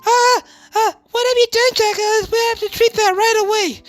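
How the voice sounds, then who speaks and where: Woman voicing a high, stammering, lovestruck girl who is dangerously obsessive, for a game dub. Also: steady tone, moderate pace, no room sound, faint music behind. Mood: panicked. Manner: breathless, pleading, stammering. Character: obsessive lovestruck young woman wielding a machete.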